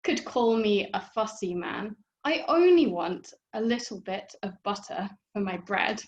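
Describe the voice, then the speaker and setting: A woman's voice: medium pitch, expressive, unhurried. A woman doing a fussy, sulky old king. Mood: whimpering. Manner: whimpering then gleeful.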